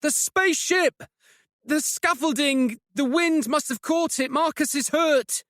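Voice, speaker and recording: A man's voice: high-pitched, fairly even intonation, brisk, dry recording, studio quality, pitched above the performer's own voice, lightly acted. A man voicing a panicked young woman. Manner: panicked, shouting over wind. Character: frightened young woman in a crisis.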